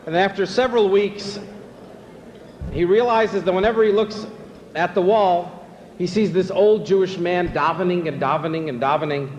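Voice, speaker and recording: A man emcees a banquet, telling jokes with relaxed, easy pacing. His voice sits slightly high. The hall gives a long echo, with faint room noise underneath. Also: moderate pace, highs cut off. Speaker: master of ceremonies.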